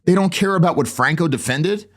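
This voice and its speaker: A man hosting a podcast, giving a sarcastic political commentary monologue in a mocking tone. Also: a little fast. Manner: sarcastic, mocking, with lively swings in pitch. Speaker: podcast host.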